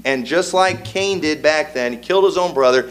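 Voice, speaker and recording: A pastor delivers a sermon in a somewhat high male voice. He talks like a storyteller, folksy and easygoing, then builds emphasis as he drives his message home in a church service. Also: moderate pace, fairly bright tone, slight background noise.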